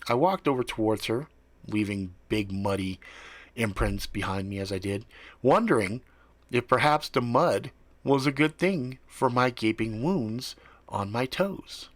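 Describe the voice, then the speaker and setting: A man spins an improvised first-person tale at an unhurried, drawn-out pace. His delivery is relaxed and profane, and the sound is close and dry, with no room echo. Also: mid-range voice. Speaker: storyteller.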